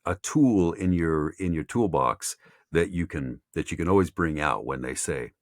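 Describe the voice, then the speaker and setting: A man's voice: extremely low pitch, lively intonation, normal speed, no echo, clean studio sound. A man mentoring voice actors in a casual, rambling chat. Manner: rambling, lots of fillers and restarts.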